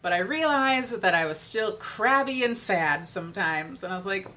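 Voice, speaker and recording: A woman's voice: medium pitch, animated, moderate pace, bright, forceful tone. A young adult woman vlogger in casual chat, rambling with fillers and trailing off, sounding tired.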